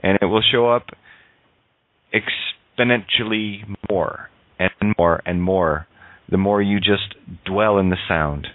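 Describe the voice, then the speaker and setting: A man in casual spiritual chat on a radio show, animated and joking, with frequent swearing. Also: sits low, takes it slowly, no echo. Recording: dry tinny phone line.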